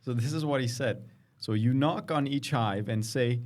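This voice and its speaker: A man's voice: mid-range voice, normal speed. A man co-hosting a podcast, casually reading a news story aloud and often stumbling and correcting himself. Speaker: podcast co-host.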